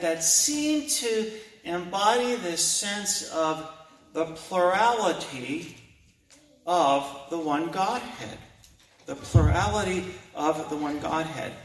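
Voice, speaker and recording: A man delivers a sermon in a high voice, taking his time and repeating key phrases. He reads scripture aloud between his own remarks. The sound is roomy and distant, as if the mic sits away from him in a church sanctuary. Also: slow, fairly bright tone. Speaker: preacher.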